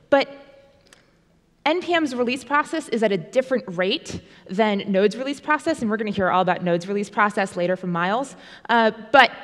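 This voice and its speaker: Fast, playful woman speaking in a hall. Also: fairly high pitch. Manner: fast, playful, self-deprecating. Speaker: conference speaker. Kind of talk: live-coding conference talk. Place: conference hall stage. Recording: long reverb of a large hall.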